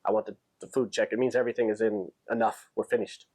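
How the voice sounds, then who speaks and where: A man's voice: fairly low pitch, steady tone, fast, darkish tone. A man casually telling a story to camera, animatedly acting out the dialogue. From United States. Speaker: vlogger.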